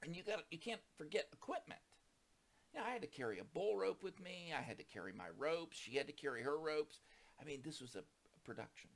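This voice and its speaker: A man with a gravelly, creaky edge recounts a misadventure in casual storytelling. His pitch swings widely as he acts out the people in the story. He climbs high and loud at the tense moments. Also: brisk. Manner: animated, acts out quoted voices, rising to excited peaks.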